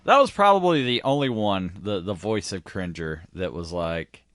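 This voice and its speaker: Rambling, low-voiced podcast co-host. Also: male voice, animated, moderate pace, fairly bright tone, no echo, clean studio sound. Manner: loose and rambling, full of filler words. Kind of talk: casual chat.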